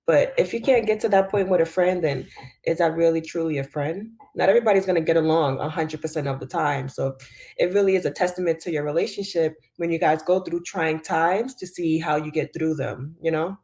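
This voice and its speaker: A woman's voice: low-pitched, fairly quick, darkish tone, breathy edge. A woman co-hosting a casual podcast chat, frank and emphatic as she gives advice. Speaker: podcast co-host.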